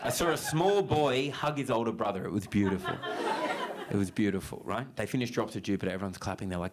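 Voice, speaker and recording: A young Australian man performs stand-up comedy in a live club, telling his story with quick "right?" asides. His storytelling is lively, and he keeps breaking into loud, high-pitched impressions. The live recording carries clear background noise. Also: a crowd in the background. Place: comedy club stage with audience laughing.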